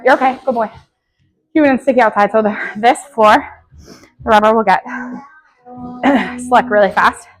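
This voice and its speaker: A woman powerlifter chatting out loud between heavy squat sets, out of breath, in her home garage gym. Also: on the high side. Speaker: powerlifting vlogger. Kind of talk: casual mic'd-up training commentary. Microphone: clip-on mic.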